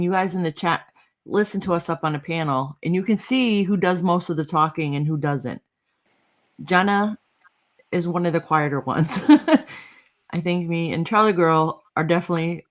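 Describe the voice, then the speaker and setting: A woman's voice: on the low side, moderate pace. A woman co-hosting a casual live-stream chat, talkative and often laughing. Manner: chatty, laughing, mixes up names. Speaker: co-host of a live chat show.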